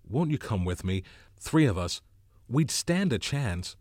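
A man's voice: medium pitch, sing-song, measured pace, darkish tone, no echo, studio quality, pitched above the performer's own voice. A man doing a scared hunted teenage boy. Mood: anxious pleading. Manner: urgent, anxious pleading. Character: frightened teenage boy Ralph, hunted and alone.

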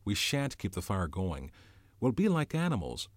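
A man's voice: on the low side, huge pitch swings, normal speed, no echo. A man voicing a boy leader who speaks in a hesitant, careful way, uneasy and scared, in an audiobook reading.

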